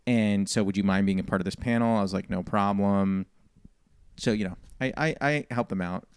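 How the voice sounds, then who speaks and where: Comedian, male, deep smooth voice, lively anecdote teller, dry studio sound. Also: brisk, no room sound. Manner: animated storyteller, quotes people. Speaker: comedian guest. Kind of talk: casual storytelling.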